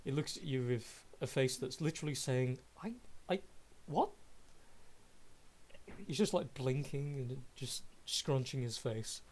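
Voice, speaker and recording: A man's voice: medium pitch, fairly even intonation, normal speed, few pauses, darkish tone. A man running a tabletop game as game master, describing scenes in a hesitant, filler-laden way.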